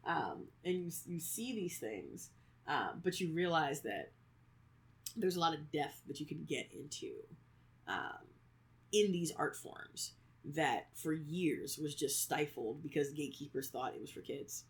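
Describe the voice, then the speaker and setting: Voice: mid-range voice, a little slow. A podcast co-host in their thirties talking casually, leaning on "like" and acting out quoted lines with frequent laughs. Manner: animated storyteller, acts out quotes, many "like"s; laughs often. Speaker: podcast co-host, creator of fictional worlds. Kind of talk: casual chat.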